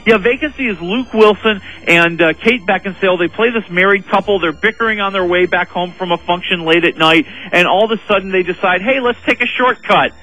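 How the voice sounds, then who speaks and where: A man giving a casual radio movie review, telling plots in an animated way with lots of fillers. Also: high voice, a little fast, few pauses, rough recording. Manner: animated storytelling with many fillers. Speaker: film reviewer.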